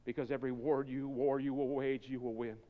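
A male preacher delivering a fervent sermon, moving from quiet, intimate talk to loud, urgent pleading. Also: medium pitch, level tone, brisk, phone-quality sound. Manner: fervent, swings between quiet intimacy and shouting. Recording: long hall reverb.

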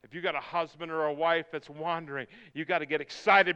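A male pastor preaching a sermon, building from quiet talk to shouted, soaring lines. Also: a little high, moderate pace, few pauses, clear, resonant tone.

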